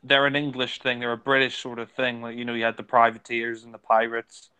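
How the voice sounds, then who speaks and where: A man's voice: medium pitch, completely flat delivery, fairly quick, pushed and bright, clean tone, poor audio. A man giving casual, rambling commentary on a film, with lots of fillers.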